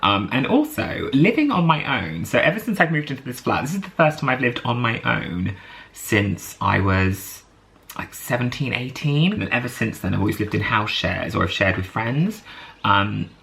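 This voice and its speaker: A man's voice: mid-range voice, big pitch swings, normal speed, vocal fry, fairly bright tone. A British man telling a story to camera in a chatty, rambling vlog, laughing often and full of fillers. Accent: British English. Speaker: vlogger.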